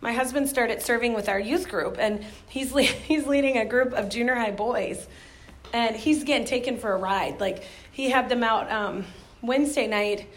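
Middle-aged woman ministry speaker; candid, anecdotal, laughing easily, a touch high-pitched. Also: moderate pace. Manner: candid, storytelling with frequent laughs. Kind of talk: motivational talk to volunteers.

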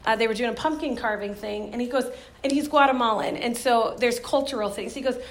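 Middle-aged woman ministry speaker; candid, anecdotal, laughing easily, a touch high-pitched. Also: a little fast. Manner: candid, storytelling with frequent laughs. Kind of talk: motivational talk to volunteers.

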